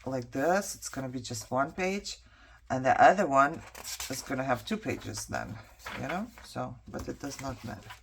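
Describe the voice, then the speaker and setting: A woman's voice: rumbling low, animated, moderate pace, gravelly, noisy background. A woman vlogger chatting casually to herself as she works on a craft project, trailing off and picking back up. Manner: chatty, talks to herself while working; frustrated venting.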